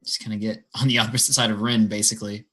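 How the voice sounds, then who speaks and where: A man's voice: lowish voice, little pitch movement, fast, fairly bright tone. Hesitant man thinking aloud at the table. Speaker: player. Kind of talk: casual tabletop play.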